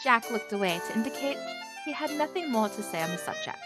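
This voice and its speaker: A woman reading a visual novel aloud, narrating in the first person and voicing the heroine with a lively, wondering manner. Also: on the high side, a little fast, over loud music.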